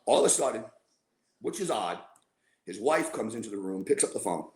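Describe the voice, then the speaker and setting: Very animated and a little fast, a man with a lowish voice guests on a podcast and tells a long story casually. He rambles, leans on fillers and acts out what people said, all in a roomy, echoey room.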